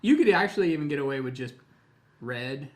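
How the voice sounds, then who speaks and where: Relaxed, chatty male painting instructor. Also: fairly high pitch, fairly quick. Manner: relaxed, chatty, step-by-step explaining. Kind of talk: live tutorial demonstration.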